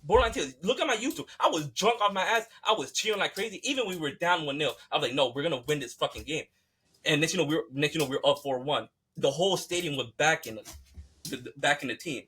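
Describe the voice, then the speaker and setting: Heated man, husky and bright. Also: fairly high pitch, expressive, fast talker. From United States. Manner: fired-up, profane, repetitive ranting. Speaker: podcast host. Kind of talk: heated casual rant.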